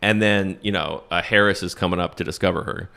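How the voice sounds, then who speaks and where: Lower-voiced man recapping a movie comically. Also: brisk, gravelly. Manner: rambling storyteller, restarts and animated put-on quotes. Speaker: stand-up comedian podcast host. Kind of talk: casual comedic movie recap.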